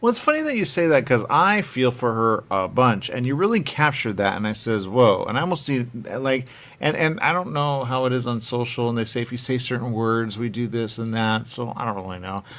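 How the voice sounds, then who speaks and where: A man's voice: medium pitch, animated, fairly quick, fairly bright tone. A man interviewing a filmmaker in a casual, rambling way, often acting out little quotes as he talks.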